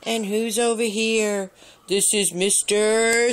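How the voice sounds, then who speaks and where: An older woman narrates a casual home video of her cats, recorded on a phone. Her voice sits fairly high and she speaks slowly, often rising further into sing-song baby talk. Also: little pitch movement. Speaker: grandmother filming pets. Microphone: phone camera.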